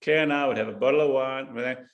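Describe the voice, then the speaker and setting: A man guest from South Africa talking in a casual interview, halting and repeating words with emphasis. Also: mid-range voice, dull audio.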